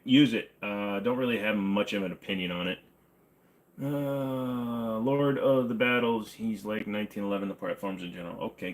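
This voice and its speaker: Joking man reading his live chat. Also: lowish voice. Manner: joking, offhand, hums and scats to himself. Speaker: livestream host answering chat questions. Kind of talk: casual livestream chat. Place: home room with guns on the wall behind him.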